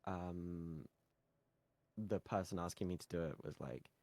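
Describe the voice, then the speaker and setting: British man, very deep voice, casual chatty talk, voice call, dry sound. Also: measured pace, darkish tone, dry recording. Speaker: guest ASMR roleplay creator. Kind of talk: casual chat.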